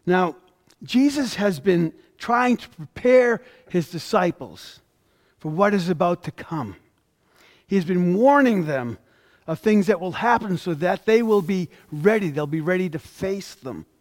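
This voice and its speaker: A man's voice: sits high, animated, unhurried. A male pastor preaching a sermon, reading scripture aloud and stressing the quoted words. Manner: reads scripture aloud, with emphatic rises on quoted lines.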